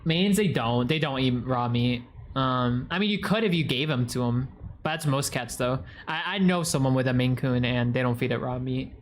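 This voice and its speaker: A young man streaming, chatting casually and excitably as he reacts to videos and reads chat, swearing now and then. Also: medium pitch, normal speed, slight background noise.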